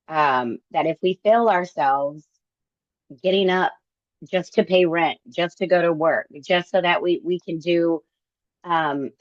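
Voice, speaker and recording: Slow, halting middle-aged woman. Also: on the low side, no room sound, highs cut off. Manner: halting, reflective, many fillers. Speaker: book club member. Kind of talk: casual group discussion.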